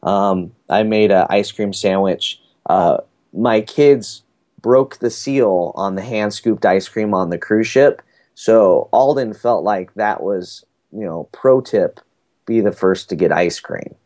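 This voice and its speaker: Low, mellow-voiced man telling stories. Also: slow. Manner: rambling storyteller with many fillers. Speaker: podcast guest recounting a family cruise. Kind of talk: casual chat.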